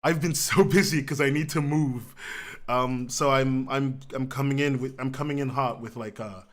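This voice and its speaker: A man's voice: medium pitch, fairly even intonation, moderate pace. A man hosting a livestream pre-show, rambling casually, greeting viewers by name, laughing often and swearing now and then. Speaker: podcast host.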